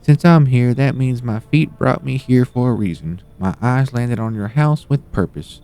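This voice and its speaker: A man's voice: mid-range voice, normal speed, dark tone, voice pushed up, lightly acted. A man voicing an elderly, chatty grandmotherly woman who folksily calls everyone dearie, reading game dialogue on a live stream. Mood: sweetly rambling.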